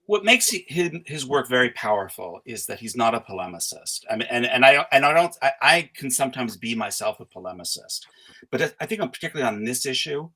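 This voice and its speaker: A middle-aged man speaking as the guest scholar in a conversational interview, thoughtful and halting, with frequent restarts and fillers. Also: mid-range voice, sing-song, pushed and bright, poor audio.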